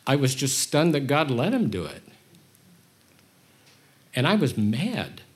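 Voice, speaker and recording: A male preacher delivering a conversational sermon with a mid-range voice. He speaks candidly, pokes fun at himself, and swings from quiet and earnest to animated. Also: mid-range voice, takes it slowly. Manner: candid and self-deprecating, with animated emotional swings.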